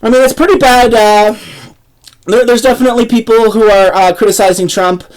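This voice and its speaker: A woman's voice: fairly high pitch, steady tone, a little fast, a little mellow, poor audio. A woman, ranting angrily about politics and swearing constantly. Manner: profane, swearing constantly, heated. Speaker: political vlogger. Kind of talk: angry political rant.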